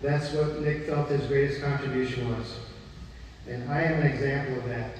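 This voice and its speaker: A man's voice: mid-range voice, steady tone, moderate pace, a little mellow, slight background noise. Earnest man, distant and echoey. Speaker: former employee paying tribute. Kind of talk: tribute reflection.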